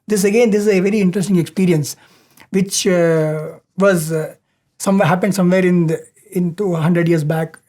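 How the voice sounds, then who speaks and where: A man, speaking as a satsang speaker in an earnest, halting devotional storytelling style with frequent fillers. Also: high-pitched, fairly even intonation, warm tone.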